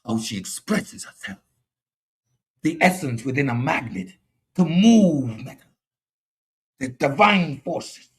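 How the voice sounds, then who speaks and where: A man's voice: a little high, lively intonation, takes it slowly, pauses often, husky. A man with a Caribbean accent hosting a combative philosophy monologue, boastful and mocking toward his audience. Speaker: host.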